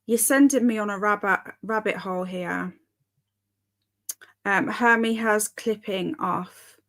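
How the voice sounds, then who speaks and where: A woman's voice: mid-range voice, slow, fairly bright tone. A young woman hosting a live stream, chatting casually and reading viewer comments aloud in a giggly, bemused way. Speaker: livestream host.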